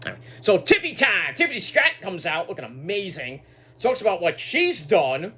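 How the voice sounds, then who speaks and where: A man recaps a wrestling show in a casual, rambling way, full of repeated words and asides. His voice is high and bright. His pitch jumps around a lot, and he curses without a second thought. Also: very animated, normal speed, slightly rough. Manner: swears freely.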